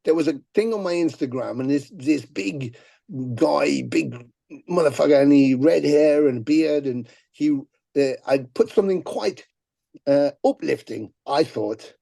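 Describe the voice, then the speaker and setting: A middle-aged man, a musician guest telling profane, animated stories on a podcast and acting out the people he quotes. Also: a little high, measured pace, creaky, no room sound. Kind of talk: casual podcast storytelling.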